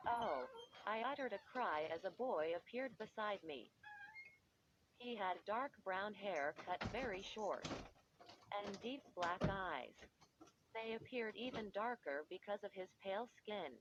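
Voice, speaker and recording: A woman narrating a story in the first person, with a measured, expressive reading. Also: medium pitch, dull audio, background noise. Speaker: audiobook narrator.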